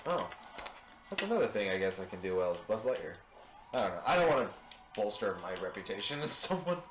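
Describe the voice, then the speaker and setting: A man's voice: fairly low pitch, very animated, fast, echoey room. Giggly man rambling through jokes. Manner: giggly, rambling joke-teller. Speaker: co-commentator. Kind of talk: casual let's play banter.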